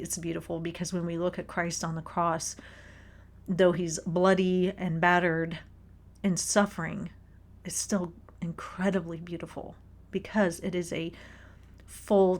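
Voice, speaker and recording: A woman hosting a casual book commentary, an expressive storyteller who laughs as she talks. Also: lowish voice, a little slow. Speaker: podcast host reading a book.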